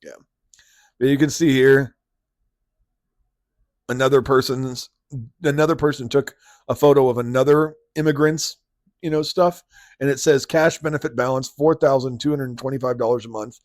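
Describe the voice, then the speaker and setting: Incredulous ranting podcast host, dry sound. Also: male voice, mid-range voice, steady tone, normal speed, long pauses, darkish tone, no room sound. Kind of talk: casual commentary.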